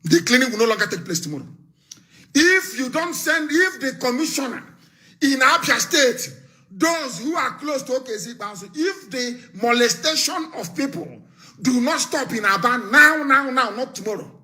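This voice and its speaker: A Nigerian man speaks in a high, bright voice on a live broadcast. His delivery is fiery and forceful, and he hammers home repeated warnings and threats. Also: lively intonation, moderate pace. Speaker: political activist broadcaster. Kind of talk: live radio broadcast speech.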